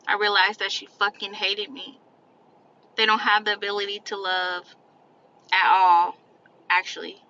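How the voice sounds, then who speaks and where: A woman's voice: medium pitch, level tone, a little slow, long pauses, bright, forceful tone, slight background noise. A woman speaking bluntly and profanely in an emphatic social-media monologue. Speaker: creator in a played clip. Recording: lo-fi played clip.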